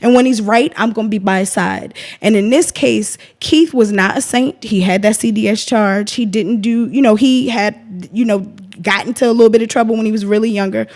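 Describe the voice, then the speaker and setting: A woman's voice: mid-range voice, fairly quick, darkish tone. A woman, speaking as a guest in an emotional interview, impassioned and defiant, often retelling what others said.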